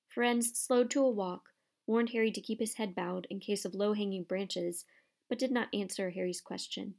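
A woman reading a storybook aloud in a steady, expressive narration. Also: medium pitch, moderate pace, vocal fry. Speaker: audiobook narrator.

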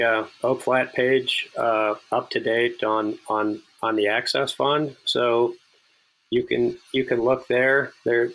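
A man's voice: medium pitch, creaky, fairly bright tone, rough recording. A man being interviewed as a policy analyst on a podcast, speaking earnestly with frequent restarts and repeated words.

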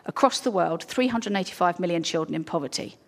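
A woman's voice: fairly low pitch, animated, fast. A woman giving an informal, earnest talk to a church congregation, full of ums and restarts. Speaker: charity speaker at a church.

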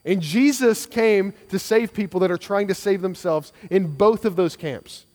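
A man's voice: high-pitched, unhurried, a little mellow, long reverb tail. A man preaching a sermon as pastor, earnest and conversational, with frequent restarts and repeated phrases.

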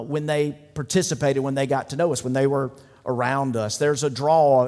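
A man's voice: on the high side, darkish tone. Man preaching in a reverberant church. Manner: conversational preaching with jokes and asides. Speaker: pastor. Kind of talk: sermon.

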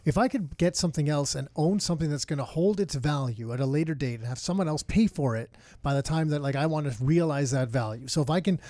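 Brief: male podcast co-host, rapid chatter, slightly high voice, dry room. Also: mellow, no room sound. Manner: quick, chatty, interjecting. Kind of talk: casual podcast chat.

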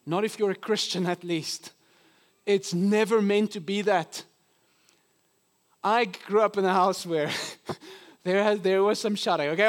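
A man with a notably high voice preaches to his congregation. He teaches earnestly and often slows down to stress a point. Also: fairly bright tone. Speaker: pastor. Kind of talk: sermon. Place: church.

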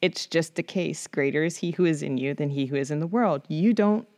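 A woman from the Bronx, in her thirties, tells a personal story as a podcast guest. Her voice sits fairly low, and she jumps up high whenever she acts out what someone said. The recording is close and dry. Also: fairly quick, no echo. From the Bronx, New York. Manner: animated, acts out quoted voices with big pitch jumps.

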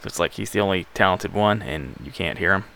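A man's voice: deep voice, quick pace, gravelly, sharp tone, slight background noise. A man from Alabama, hosting a music show in a rambling, laid-back, self-deprecating way. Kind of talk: casual radio show chat.

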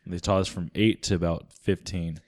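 A man from the American South with a softened Southern accent, chatting casually and joking, slipping into mock voices when he quotes people. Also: deep voice, level tone, fairly quick. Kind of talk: casual chat.

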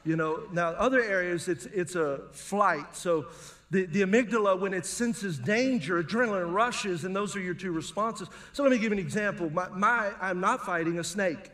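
A pastor preaching a sermon in a church service, lively and humorous, calling for responses from the congregation. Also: male voice, high voice, moderate pace.

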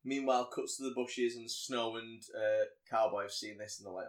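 A man's voice: mid-range voice, moderate pace. Male podcast co-host, chatty film recap, jumps into character voices. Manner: animated storyteller, acts out quotes in voices. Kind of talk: casual chat recapping a film.

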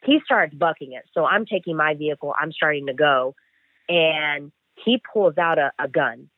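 This bail enforcement agent has a fairly high-pitched voice and a moderate pace, and he brings his interview chase story to life by performing each line of dialogue with "I'm like." The sound is dry with no echo, carried over a tinny phone connection.

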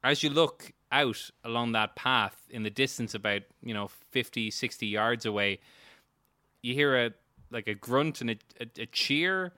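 A man's voice: mid-range voice, normal speed, pushed and bright, no echo. A man narrating as game master of a tabletop game, rambling with many fillers and restarts.

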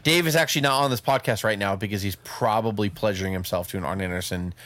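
A man's voice: lowish voice, quick pace, fairly bright tone. A man hosting a casual podcast, rambling with restarts and playful asides. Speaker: podcast host.

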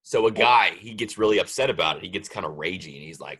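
Man, husky, bright and forceful tone, lowish pitch, rambling casual podcast talk. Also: animated, fast, hardly any pauses. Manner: rambling, trails off mid-sentence. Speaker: podcast co-host. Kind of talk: casual chat.

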